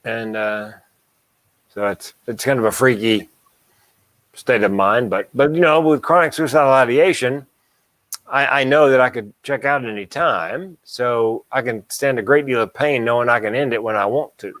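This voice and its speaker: A man co-hosting a relaxed podcast, slipping dark jokes about himself into his talk and laughing at them. His voice sits in a middle pitch. The sound is dry and close, with no room around it. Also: normal speed, no echo. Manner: dark self-deprecating humor, laughs at own jokes. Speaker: podcast co-host and mental health speaker. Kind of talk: casual podcast chat.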